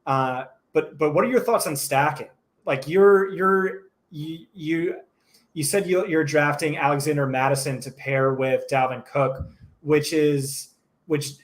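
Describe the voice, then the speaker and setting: A man co-hosting a live stream and chatting casually, brisk and opinionated, often restarting his sentences. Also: on the high side. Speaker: co-host.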